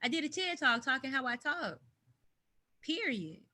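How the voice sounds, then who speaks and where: An outspoken woman from the United States, talking frankly in an interview over a video call from home. Her voice is bright and a touch high, and she stresses her points with force. She sounds plain and direct. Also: moderate pace. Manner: emphatic, animated, speaks her mind. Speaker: interview guest. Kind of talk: candid conversational interview.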